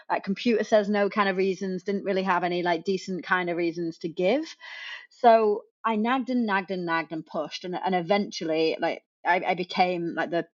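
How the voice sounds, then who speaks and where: A woman in her thirties, a remote work coach and guest on a podcast, telling her story casually and laughing often. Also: fairly low pitch. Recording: slightly muffled lo-fi call audio.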